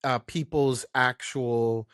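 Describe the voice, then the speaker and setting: A man's voice: medium pitch, steady tone, slow pace, fairly bright tone, no echo, clean studio sound. A man hosting a casual podcast chat, talking loosely and chiming in with frequent affirmations. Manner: chatty, frequent affirming fillers. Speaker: podcast host.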